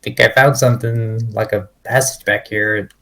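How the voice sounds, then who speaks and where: A man describing what his character does in a tabletop game, in a relaxed, matter-of-fact way. His delivery is plain and unhurried. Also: lowish voice, vocal fry. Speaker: player.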